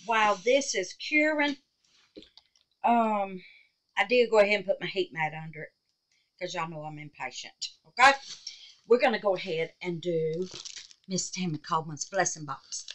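A woman's voice: fairly low pitch, normal speed, long pauses, a bit bright, low-quality recording. A woman hosting a crafting vlog in her home art room, chatting with viewers and calling them baby and darling. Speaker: resin art channel host. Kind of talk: casual crafting vlog chat.

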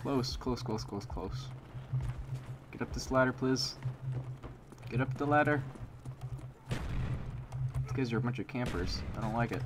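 A man's voice: medium pitch, a little slow, pauses often, very noisy. A young man giving live gameplay commentary, reacting and muttering to himself, repeating phrases as he plays. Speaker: gaming commentator. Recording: game gunfire loud behind voice. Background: game gunfire and explosions.

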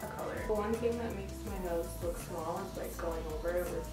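A woman's voice: on the low side, fairly quick, distant mic, over loud music. Giggly young woman in an echoey room. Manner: giggly, teasing, excitable. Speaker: beauty vlogger. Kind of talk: casual chat with friends.

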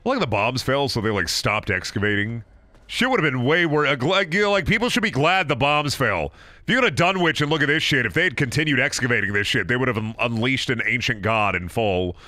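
On a gaming stream, a young man jokes and rambles casually, frequently cutting himself off and starting over. He sounds expressive, bright and forceful in a mid-range voice, speaking briskly with no echo.

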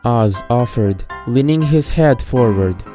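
A woman narrating a storybook with a steady, even-paced reading. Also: extremely low pitch, slow. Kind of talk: storybook narration of fan fiction. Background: faint background music.

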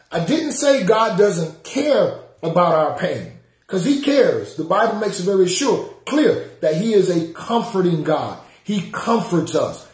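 A male pastor delivers a sermon in a high voice, slow and deliberate. He repeats each key line several times and urges the congregation to respond. His voice rings with the echo of a church sanctuary.

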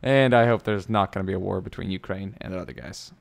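A man giving casual commentary over a war video game, excitable and swearing often, bursting into loud yelps. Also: low voice, fast, creaky, very noisy. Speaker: gameplay commentator.

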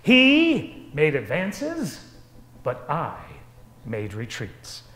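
A woman's voice: deep voice, wildly swooping pitch, extremely slow, fairly bright tone, full character voice. A man doing a gushing lady cruise passenger. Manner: gushing, sing-song diary reading. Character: gushing female cruise passenger writing her diary.

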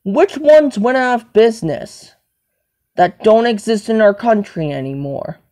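Slow, repetitive rambling home-video talker. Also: mid-range voice, animated, a little mellow. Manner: repetitive, listing things over and over. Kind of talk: rambling self-talk monologue.

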